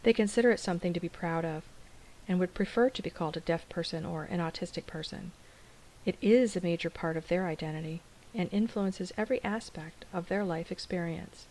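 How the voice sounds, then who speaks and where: A woman special education teacher explaining things in a calm, measured, scripted dialogue. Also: lowish voice, low-quality recording.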